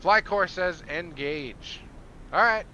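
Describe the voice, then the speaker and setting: A man's voice: sits high, slow, lo-fi sound, slight background noise. A man streaming a game, eagerly commenting, asking viewers for input, and calling out naval orders. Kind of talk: live gameplay commentary. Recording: game sounds loud behind the voice.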